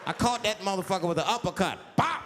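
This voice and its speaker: A man performing a stand-up comedy routine on stage, talking in an animated way and jumping into loud put-on voices. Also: high-pitched, fast, a faint crowd, slight background noise. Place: stage in a large hall. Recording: live hall recording, faint ambience.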